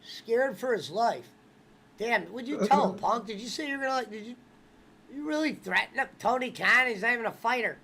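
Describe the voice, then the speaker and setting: A man with a strikingly high-pitched voice hosts a loose, casual watch-along chat. He is excitable and foul-mouthed, and keeps jumping into movie lines mid-story. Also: normal speed.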